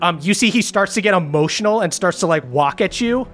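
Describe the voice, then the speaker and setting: A man narrating as game master of a tabletop game, halting with many fillers. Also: high-pitched, expressive, a bit bright.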